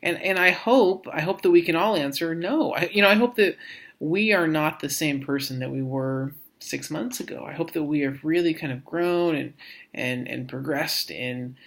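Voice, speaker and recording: A man's voice: on the high side, creaky, a bit bright. A man giving a recorded course lecture as an instructor. He speaks reflectively, restarts often and repeats words as he works out his thoughts. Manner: reflective, halting, frequent restarts and repetitions.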